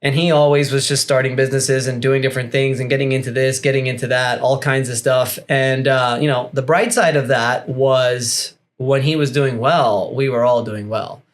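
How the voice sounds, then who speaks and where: A man's voice: mid-range voice, steady tone, moderate pace, few pauses. A man speaking as a podcast guest and business coach, talking candidly and at length with loose asides and the odd curse. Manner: candid and rambling, swears freely. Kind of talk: casual podcast chat.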